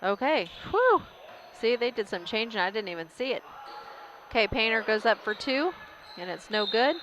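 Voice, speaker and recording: A woman calling a school basketball game as a local announcer, casual and hesitant, with frequent pauses and fillers. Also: a little high, fairly bright tone, slight background noise, poor audio. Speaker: play-by-play announcer. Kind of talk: local sports commentary.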